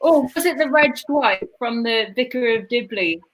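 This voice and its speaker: A woman's voice: fairly high pitch, lively intonation, moderate pace, a loud crowd, poor audio. A woman with a Welsh accent chatting casually on a live stream, bantering and laughing. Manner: chatty, breaks into song snatches and laughs. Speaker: co-host.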